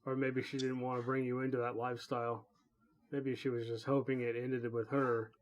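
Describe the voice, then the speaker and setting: A man hosting a podcast interview, asking gentle questions with brief reactions. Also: medium pitch, level tone, brisk. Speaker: podcast host.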